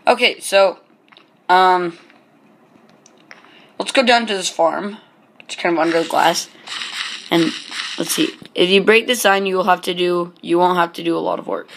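A man with a high-pitched, creaky voice and a fairly bright tone hosts his own channel with casual, joking gameplay commentary. He keeps hesitating, with plenty of ums and restarts, while staying chatty.

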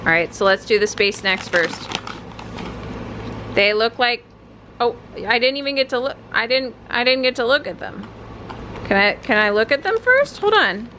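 A woman's voice: on the high side, sing-song, moderate pace, long pauses, pushed and bright, a little hiss or hum. A young woman chatting casually in a home vlog, often switching to a sing-song voice for her dog. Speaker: vlogger. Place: home living room.

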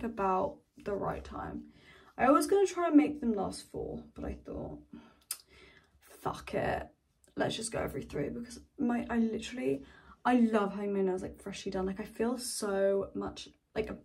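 A woman's voice: a little high, animated, normal speed, recorded from a distance. Rambling young woman vlogging at home. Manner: rambling, swears casually, trails off. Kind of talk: casual chatty vlog talk. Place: home, indoors.

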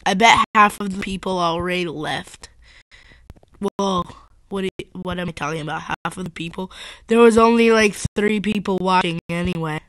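A woman's voice: fairly low pitch, moderate pace, fairly bright tone, dry recording, low-quality recording. A woman chatting casually while commenting on her Minecraft gameplay, rambling and often correcting herself mid-sentence. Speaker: gaming channel host.

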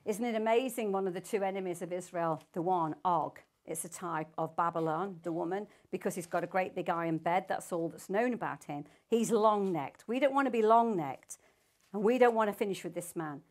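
A woman's voice: on the low side, brisk, a little mellow. An older woman teaching the Bible to a small group, reading scripture aloud and asking her listeners emphatic questions.

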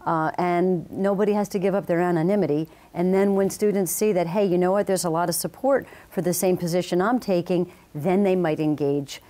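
A woman guest in a TV studio, a professor explaining her teaching with calm confidence. Her voice is low for a woman, with a mellow, warm tone. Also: brisk, few pauses. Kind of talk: TV interview.

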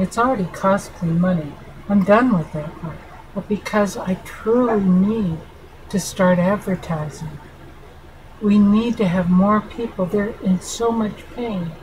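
A middle-aged woman with a medium-pitched voice speaks at a measured pace against a noisy background. A family therapist and channel host, she talks earnestly and affectionately straight to her viewers in a heartfelt direct-to-camera vlog.

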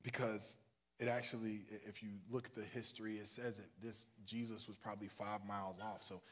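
A male minister preaching a livestreamed sermon in a casual, joking way, swinging from soft asides to loud, high cries. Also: flat delivery, a little fast. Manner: casual and joking between points.

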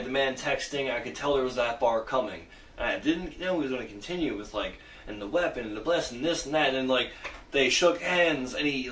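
A man hosting a reaction video, talking excitedly and casually with lots of fillers and swearing. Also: medium pitch, roomy sound, distant mic, slight background noise, rough recording.

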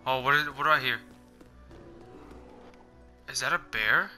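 Young male gaming host, bright and upbeat, casual play-by-play with squeaky sound effects, soft music underneath. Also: a little slow, pauses often. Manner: excitable, makes high-pitched "pew pew" gun noises. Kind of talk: casual gameplay commentary. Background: game music.

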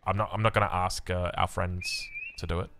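An Australian game caster offers casual strategy game commentary in a low, gravelly voice at a fairly quick clip. He's animated, cracking jokes and poking fun at himself between plays, with some background noise.

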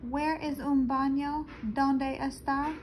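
A woman's voice: sits high, flat delivery, takes it slowly, a little hiss or hum, voice pushed up. A woman voicing a small girl who urgently needs a bathroom, pleading in a storybook reading. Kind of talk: storybook read-aloud.

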